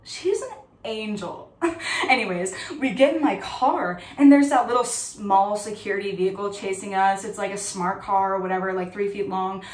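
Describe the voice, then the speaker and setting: In an audition monologue, a woman plays a giddy young woman breezily chatting about her imaginary celebrity friend, her delivery chatty and packed with fillers. Her voice is medium-pitched at a normal speed, only lightly acted. The room is echoey and the mic sits at a distance.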